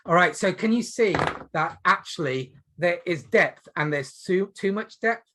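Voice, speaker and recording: A man teaching a medical exam webinar, emphatic and lively, asking the audience rhetorical questions. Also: high-pitched, unhurried. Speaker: GP trainer.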